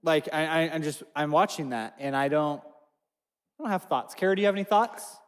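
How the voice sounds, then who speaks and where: High-voiced man, amused, in reverb. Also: moderate pace, a little hiss or hum. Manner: amused, searching for words. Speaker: co-host. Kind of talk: casual chat. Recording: long reverb.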